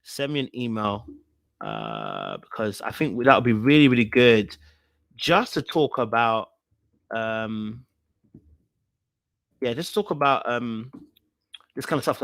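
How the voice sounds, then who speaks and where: A man's voice: medium pitch, vocal fry, a bit bright, no echo. A man hosting a live podcast stream in casual chat, loosely talking and reading out viewer comments.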